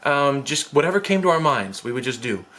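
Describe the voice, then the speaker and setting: A man's voice: medium pitch, sing-song, fairly quick, bright, forceful tone. A man, a former teacher, telling a story to camera in a chatty, self-deprecating, rambling way.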